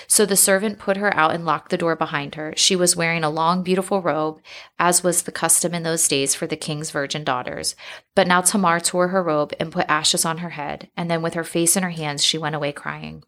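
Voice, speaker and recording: A woman reading scripture passages in a steady, measured storytelling manner. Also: deep voice. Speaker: scripture reader.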